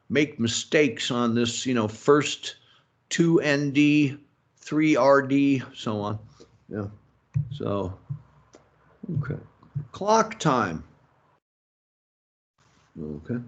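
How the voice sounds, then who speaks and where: A man teaching a business English lecture, slow and halting, filling pauses with "mm-hmm" and "okay" and adding opinionated asides. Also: a little high, expressive, a bit bright. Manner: slow, halting, many fillers and self-talk like "mm-hmm" and "okay". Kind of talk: recorded lecture.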